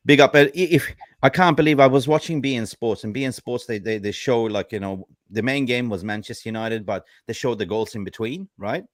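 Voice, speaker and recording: A man hosting a casual football reaction show, excitable and full of "like, you know" fillers. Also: mid-range voice, fairly quick, hardly any pauses, dry recording, clean studio sound. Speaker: host.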